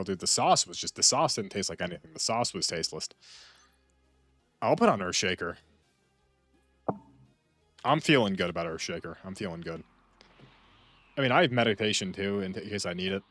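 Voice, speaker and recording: A man's voice: on the low side, a bit bright, no room sound. A young man giving casual gameplay commentary, slangy and prone to exasperated outbursts between muttered asides. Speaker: gamer.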